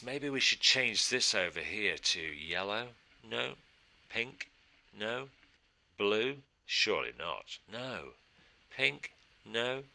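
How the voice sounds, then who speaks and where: A man's voice: fairly low pitch, bright, forceful tone. A man teaching a casual design tutorial, thinking aloud and answering his own questions as he works. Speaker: design instructor. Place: studio.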